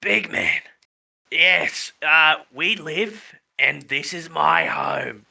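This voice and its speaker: A man voicing a huge, old, gruff but kindly male tree-creature in a gravelly voice and a mock Scottish accent that slips into Australian. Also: fairly high pitch, huge pitch swings, sharp tone, heavily acted. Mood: warm. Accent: mock Scottish slipping into Australian. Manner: slow, drawn-out delivery.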